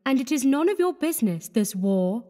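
A woman's voice: high-pitched, very animated, moderate pace, mellow. A woman voicing a composed, dignified young Parisian woman with a firm manner.

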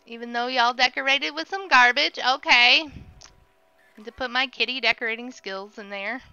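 A woman's voice: on the high side, normal speed, clean tone, dry recording, muffled recording. A woman streaming a video game, commenting live and yelping when she gets scared, on a desk microphone. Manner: excitable, shrieks and yelps when scared.

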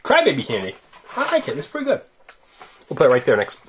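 A woman with a low voice that swoops up and down a great deal. She chats with a child in an animated, teasing, sing-song way while opening toys. Faint noise sits behind her. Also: fast talker. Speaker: parent hosting a toy-unboxing video.

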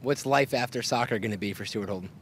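Fast-talking male interview host. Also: medium pitch, a little hiss or hum. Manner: brisk, teasing questioner. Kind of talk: quick-fire interview questions.

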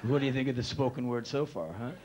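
A man tells stories on stage, his voice medium in pitch and full of sudden jumps and shouts as he plays every character in his tale. He talks into a stage microphone, with a faint murmur of the hall behind him. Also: fast talker, noisy background. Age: 30s. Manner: animated, profane, acts out quotes in shifting voices. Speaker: spoken word performer. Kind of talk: spoken word storytelling on stage. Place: live theater stage.

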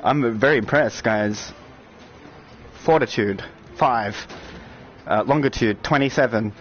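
A man giving excited live-stream commentary on a VR shooter, chatting with viewers and breaking into loud outbursts. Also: medium pitch, slow, slight background noise. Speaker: VR game streamer. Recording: dull lo-fi stream audio with game music and gunfire. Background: game music and gunfire.

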